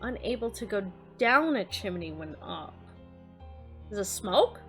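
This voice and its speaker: A woman's voice: mid-range voice, animated, measured pace. A woman streamer chatting casually on a live stream, working through riddles. She laughs often, swears in surprise and mutters the clues to herself. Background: faint background music.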